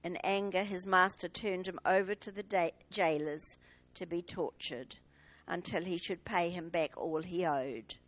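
A woman reading scripture aloud at a church service, measured and expressive. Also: lowish voice. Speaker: scripture reader. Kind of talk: liturgical Bible reading.

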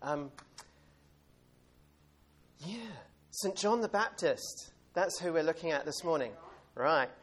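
A man's voice: a little high, animated, takes it slowly, long pauses, fairly bright tone. A man giving an informal sermon in a church, chatty and rambling, with plenty of fillers and light laughs. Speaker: preacher.

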